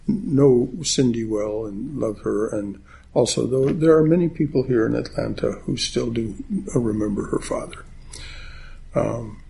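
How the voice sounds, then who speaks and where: A man leading a chapel service, giving announcements in a halting way with many pauses and fillers. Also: mid-range voice, darkish tone, a little hiss or hum. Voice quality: gravelly and very husky. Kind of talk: sermon announcements. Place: chapel in Atlanta.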